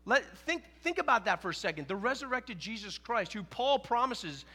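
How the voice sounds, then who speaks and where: A man's voice: very high voice, big pitch swings, moderate pace, bright, forceful tone, long reverb tail. A middle-aged man preaching a sermon as pastor, earnest and emphatic, often repeating his phrases for weight.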